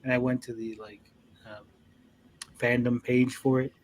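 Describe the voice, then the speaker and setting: A man's voice: medium pitch, flat delivery, unhurried. Man, young adult, anime review co-host, casual chat, profane, acts out characters, mid-range voice. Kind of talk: casual chat recapping episodes.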